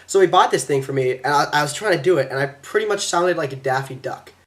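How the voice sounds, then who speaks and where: A teenage boy telling a quick, excitable vlog story about a trip, slipping into silly voices when quoting people, recorded at his computer. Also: fairly high pitch, background noise. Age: teens. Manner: fast, excitable, acts out quotes in silly voices. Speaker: exchange student vlogger.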